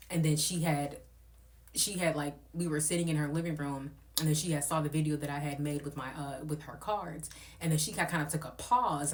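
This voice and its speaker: A young woman telling a rambling, profane storytime in a casual, blunt way. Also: low voice. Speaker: content creator.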